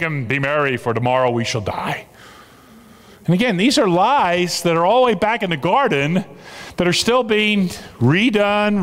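A man preaching a sermon as a pastor, emphatic and repeating his key phrases for weight. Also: fairly high pitch. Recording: long reverb of a large hall.

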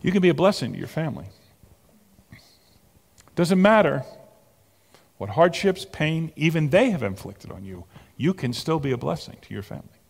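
A man preaching with a lively, swooping delivery in a fairly high voice, rising to loud emphatic peaks and dropping to soft near-whispers. His voice carries a long reverb from a large hall. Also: moderate pace, vocal fry, long pauses, breathy edge. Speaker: pastor. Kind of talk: sermon.

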